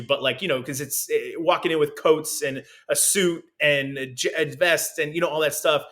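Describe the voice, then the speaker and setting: A young man, a restaurant owner, telling a story in casual podcast talk, animated and full of fillers. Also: on the high side, normal speed, hardly any pauses. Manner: animated, filler-heavy, laughs often.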